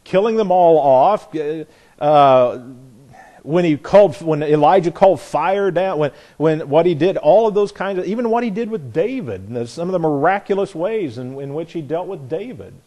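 A man's voice: a little high, expressive, moderate pace, dark tone. A middle-aged man teaching an informal Bible class, earnest and conversational, often restarting his sentences.

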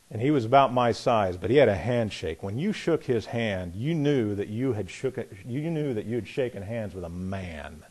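A middle-aged man preaching a personal testimony, telling his story with swings from loud excitement to hushed quiet. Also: on the low side. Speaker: pastor. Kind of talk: sermon testimony.

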